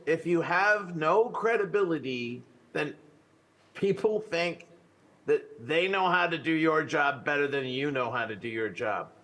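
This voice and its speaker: A man's voice: on the high side, fairly bright tone. An older man answering conference questions in an authoritative way, letting his voice drop at the end of sentences. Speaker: conference speaker. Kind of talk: Q&A answers at a talk.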